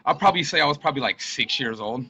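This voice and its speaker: Bright-voiced, easygoing podcast guest. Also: male voice, medium pitch, expressive, very fast, husky, poor audio. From Utah. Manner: easygoing, slangy, trails off with fillers. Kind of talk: casual chat.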